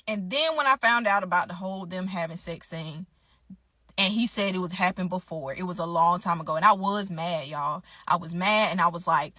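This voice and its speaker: A woman's voice: fairly low pitch, lively intonation, moderate pace, sharp tone, no echo. A woman candidly telling her own story in a casual way. She is emphatic and profane, and often turns to address her listeners directly.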